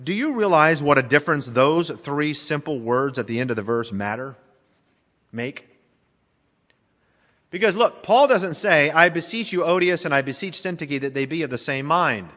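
A middle-aged male pastor preaching a sermon in a church, dramatically swinging between emphatic and hushed delivery. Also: fairly high pitch, animated, moderate pace, long pauses. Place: church sanctuary. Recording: long reverb of a large church hall.

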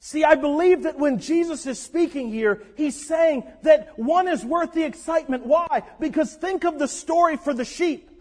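A man preaching a sermon in an animated, conversational way, breaking out into shouts. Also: very high voice, normal speed, hardly any pauses. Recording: long echo of a large hall.

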